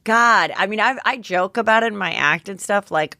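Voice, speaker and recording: A woman's voice: mid-range voice, normal speed, vocal fry, dry recording, studio quality. A woman in her forties hosting a podcast, chatting casually and animatedly, often restarting her sentences. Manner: animated, restarts often, jumps between stories. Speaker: podcast host. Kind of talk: casual gossip chat.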